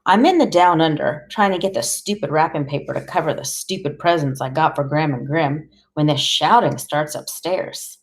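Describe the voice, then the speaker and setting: A woman's voice: sits low, moderate pace, few pauses. A woman reading a first-person audiobook in a plain, conversational voice. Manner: plain, conversational, as a teenage boy. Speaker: audiobook reader.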